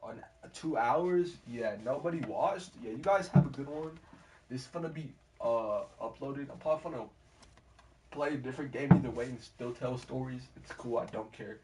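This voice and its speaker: A man streaming a game and telling a story in rambling, slangy chat that often drops to low mutters. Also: normal speed, darkish tone. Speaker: gaming streamer. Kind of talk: casual storytelling while gaming. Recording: distant mic, faint background hiss.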